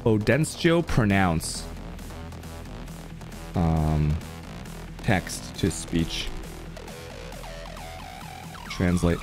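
A man's voice: low voice, sing-song, very slow, long pauses, over music. A young man streaming live, chatting casually with his viewers in a rambling, laughing way with lots of fillers.

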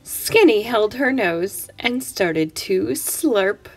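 A woman's voice: mid-range voice, lively intonation, takes it slowly, hardly any pauses, husky. A woman reading a picture book aloud to children in a playful, rhythmic, sing-song way. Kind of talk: expressive children's story read-aloud.

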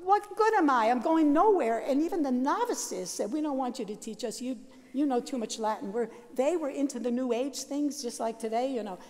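An older Catholic sister telling her life story at a worship service, lively and self-mocking, laughing often. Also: high voice, a little fast, big-room sound. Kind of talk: storytelling talk. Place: large seminary chapel.

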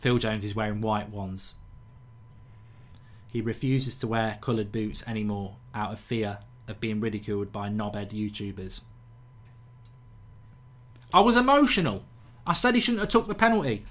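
A man's voice: lowish voice, normal speed, pauses often, a bit bright. A man hosting live football reaction commentary, ranting and swearing in exasperation at his team's play. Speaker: football fan channel host.

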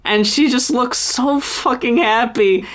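A woman co-hosting a casual podcast, excitedly retelling a film scene and gushing over it. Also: a little high, slow pace. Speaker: podcast co-host. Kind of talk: casual chat.

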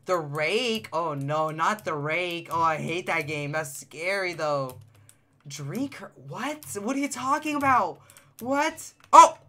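A male game streamer with a high-pitched voice that sometimes cracks, chatting excitedly and answering his live chat while he plays. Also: slow pace. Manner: excitable, chatty, reacts to chat, repeats phrases.

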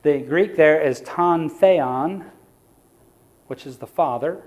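A man's voice: fairly high pitch, slow pace, a little mellow. A man preaching in a church, teaching the audience in a conversational lecture style and asking them questions. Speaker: evangelist.

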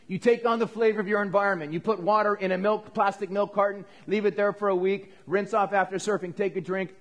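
A middle-aged man, a pastor, preaching an animated sermon in church and asking the congregation questions. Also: sits high, a little fast, few pauses.

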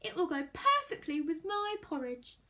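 A woman playing a gentle, kindly witch. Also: extremely high pitch, very animated, normal speed, exaggerated voice. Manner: soft and sweet, sometimes whispered.

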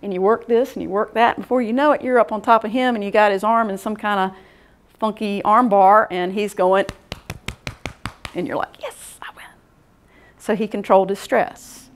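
A woman's voice: medium pitch, steady tone, brisk. Middle-aged woman, workshop presenter; casual lecture, conversational, keeps asking "okay?". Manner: folksy, conversational, checks in with "okay?".

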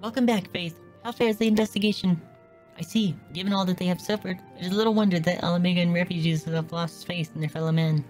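Mulher lendo uma líder calma e formal. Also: female voice, lowish voice, faint music behind, lightly acted. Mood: measured. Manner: formal, measured. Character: calm composed female leader, formal and caring. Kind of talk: reading game dialogue aloud.

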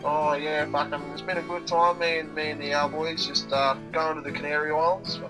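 A man's voice: a little high, level tone, fairly quick, music in the background, natural voice. A man voicing a drawling, randy Aussie creature. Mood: laid-back. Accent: Australian. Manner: drawling and rambling, crude.

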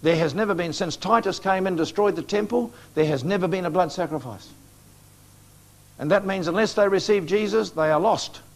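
A man's voice: high-pitched, normal speed. A man with a New Zealand accent preaching a sermon to a congregation, urging them earnestly and appealing to them directly. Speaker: evangelist preacher. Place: church meeting before a live congregation.

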